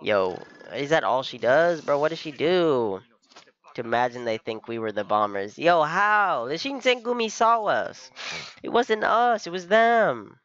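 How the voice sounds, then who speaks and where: A young man reacts to an anime episode in loose, slangy chatter, laughing often and tossing in "bro" at every turn. His voice sits somewhat high for a man. The recording sounds dull and lo-fi, like a basic home setup. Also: sing-song, unhurried, fairly bright tone. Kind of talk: casual reaction commentary.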